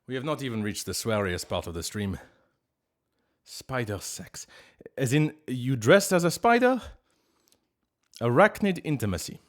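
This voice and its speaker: A man's voice: medium pitch, sing-song, normal speed. A man, chatting casually on a live stream, reading chat and making playful, mock-grand pronouncements.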